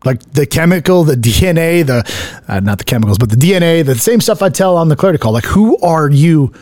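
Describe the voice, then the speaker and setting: A man's voice: a little high, expressive, quick pace, a little mellow, dry recording, studio quality. A man co-hosting a podcast, giving blunt, profane, emphatic coaching advice to husbands. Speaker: podcast co-host, men's coach. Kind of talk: casual motivational podcast talk.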